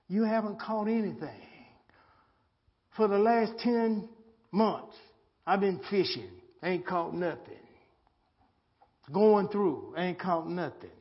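A man's voice: sits high, breathy edge, dull audio. A man preaching a live sermon in plain, colloquial speech, repeating his words and asking the listeners questions. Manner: slow, repetitive preaching with rhetorical questions.

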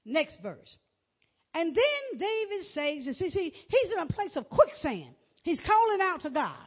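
A woman's voice: extremely high pitch, very animated, a little slow. A woman preaching a fervent sermon to a congregation, repeating words and calling out to the listeners. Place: church before a congregation. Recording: dull lo-fi recording.

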